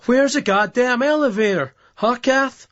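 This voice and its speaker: A man's voice: very high-pitched, measured pace, fairly bright tone, dry recording, pitched above the performer's own voice. A man reading an audiobook voices a brash, cheeky man, in a dull lo-fi recording. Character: cocky Scottish man, older party-goer.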